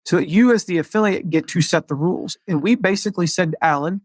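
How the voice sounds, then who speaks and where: A chatty man with a slightly raised pitch, talking casually about business in an upbeat, rambling way. The sound is close and dry, with no room around it. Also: fast, no room sound. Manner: upbeat, chatty, lots of fillers. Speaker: podcast host, marketing coach.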